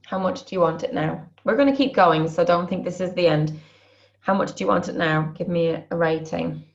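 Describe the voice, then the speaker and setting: Woman, low-pitched, leading a tapping session on a dull video call line. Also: gravelly. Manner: slow, repetitive guided phrasing.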